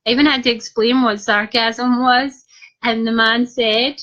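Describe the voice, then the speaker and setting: A young Scottish woman tells her viewers a cheeky story in a relaxed, casual way. Her voice sits fairly high, and she keeps breaking into giggles. The sound is dull and lo-fi. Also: measured pace. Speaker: vlogger.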